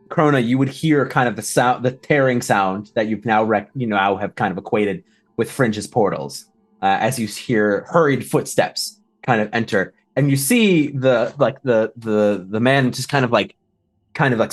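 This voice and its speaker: A man running a tabletop game as game master, narrating hesitantly with many fillers. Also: mid-range voice.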